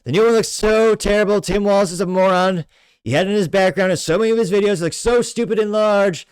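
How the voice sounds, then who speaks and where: A man putting on the voice of a brash, blustering older male politician who rants loudly. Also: high-pitched, a little fast, clean tone, no room sound, voice pushed up, lightly acted. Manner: loud boastful rant, rambling.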